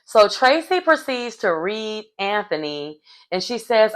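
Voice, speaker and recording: A woman's voice: mid-range voice, sing-song, a little slow. A woman giving casual recap commentary on a reality TV episode, chatty and slangy with wry asides.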